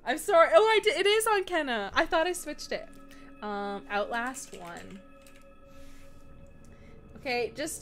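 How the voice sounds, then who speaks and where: A woman's voice: sits high, sing-song, slow, long pauses, fairly bright tone. A young woman from Canada chatting casually while livestreaming a horror game, giggling and reading chat aloud. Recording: music playing underneath.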